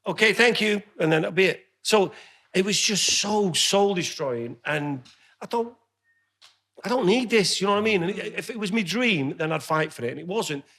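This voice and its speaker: Storytelling Northern English man, slightly high voice. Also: expressive, normal speed, a bit bright, slight background noise. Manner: candid storytelling, swears freely. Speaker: podcast co-host. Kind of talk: casual pub chat.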